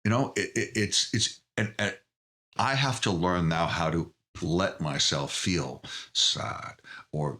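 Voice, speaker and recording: A middle-aged man with a very low, forceful voice, answering interview questions with earnest openness. He talks in halting bursts, often restarting his sentences. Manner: earnest, emotionally open, halting. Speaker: podcast guest. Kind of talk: candid interview conversation.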